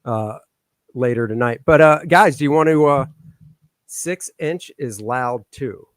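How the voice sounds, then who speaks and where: A man's voice: mid-range voice, unhurried, dry recording, studio quality. A man hosting a live stream as a comic artist, chatting casually and muttering jokes while he fiddles with his microphone settings. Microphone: microphone on a stand.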